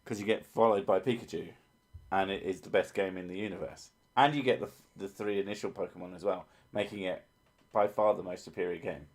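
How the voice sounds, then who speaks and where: Hosting a laid-back livestream, a man with a fairly low voice reads viewer comments and riffs on them at a fairly quick clip. He jokes constantly, swears freely, and drifts off topic easily.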